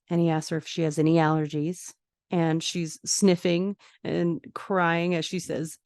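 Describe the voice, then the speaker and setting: A woman with a lowish voice recaps a TV episode scene by scene for her podcast. She walks through each shot and breaks in with her own reactions. Her voice sounds close and dry. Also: flat delivery, unhurried, vocal fry, darkish tone, no room sound. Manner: vivid scene-by-scene retelling with asides. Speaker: podcast host.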